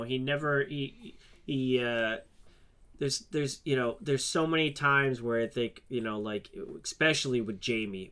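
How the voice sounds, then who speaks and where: A man's voice: mid-range voice, bright, forceful tone. A man co-hosting a podcast, chatting casually with lots of fillers and restarts. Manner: halting, many restarts and fillers. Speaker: podcast co-host. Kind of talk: casual chat.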